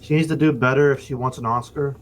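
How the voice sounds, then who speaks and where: A man's voice: medium pitch, fairly even intonation, fast talker, a little hiss or hum, rough recording. A man streaming, reading a visual novel aloud with casual joking asides to chat. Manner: casual, joking asides between narrated lines.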